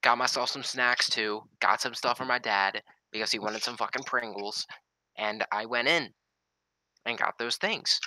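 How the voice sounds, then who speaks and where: A man's voice: mid-range voice, normal speed, sharp tone, no echo, rough recording. A young man telling a story in casual, heavily profane talk. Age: young adult.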